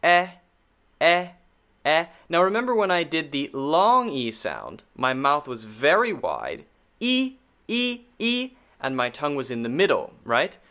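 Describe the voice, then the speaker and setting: A man with an American accent teaching pronunciation in a recorded lesson, speaking deliberately and repeating vowel sounds to demonstrate them. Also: mid-range voice, huge pitch swings, sharp tone.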